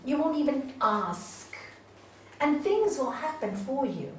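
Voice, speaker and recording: An older woman teaches a yoga class in a large hall, chatty and laughing often as she shares personal stories and quizzes her students. Her voice is high with big pitch swings and an unhurried pace, recorded from far off in the echoey hall with faint ambience and slight hiss or hum.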